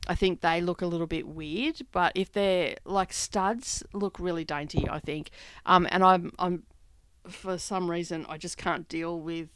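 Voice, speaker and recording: A woman's voice: on the low side, steady tone, unhurried, clean tone, no echo. A middle-aged woman, casually telling a family story while she stitches, rambling and laughing often. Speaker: craft vlog host. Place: home craft studio.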